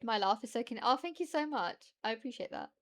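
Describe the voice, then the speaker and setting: A woman's voice: a little high, expressive, fast, fairly bright tone. A British woman streamer chatting casually and rambling, laughing often as she reacts to her chat.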